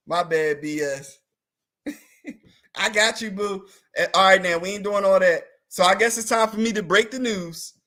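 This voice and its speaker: A man with a fairly high, somewhat bright voice chats casually as a talk show guest, answering live comments. He's playful and teasing, laughs a lot, and stretches out words for emphasis in this comedic conversation.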